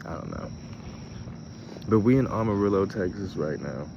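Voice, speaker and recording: A young man with a low, deep voice rambles through a casual travel vlog, swearing freely. He is recorded on a phone held at arm's length outdoors, with insects and passing traffic clearly heard behind him. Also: lively intonation, moderate pace, highs cut off. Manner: profane, rambling, talks through frustration and laughs at it. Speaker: show host.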